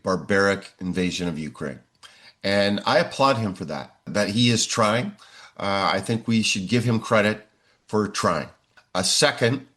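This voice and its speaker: Measured older man with a low voice. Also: fairly bright tone. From United States. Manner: measured, frequent "uh" fillers. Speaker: interview guest, professor. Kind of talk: interview answers.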